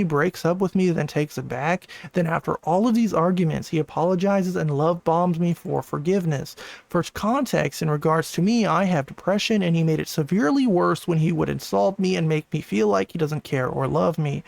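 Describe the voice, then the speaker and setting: A man's voice: fairly high pitch, creaky, a little mellow, no echo. A man reading out screenshots and adding casual commentary as a channel host. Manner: casual, conversational asides. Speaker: commentary YouTuber.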